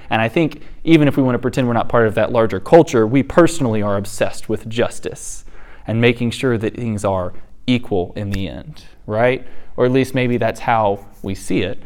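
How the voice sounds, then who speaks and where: A man in his thirties giving a conversational church teaching, telling family stories with animated, laughing asides. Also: on the low side. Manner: storytelling, animated, acts out quotes with laughter.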